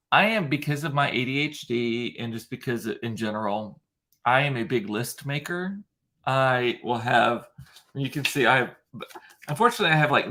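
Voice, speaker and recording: A man's voice: mid-range voice, a bit bright. Chatty man vlogging from home. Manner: chatty, wry, sarcastic asides. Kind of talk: casual chat to camera. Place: at home, indoors.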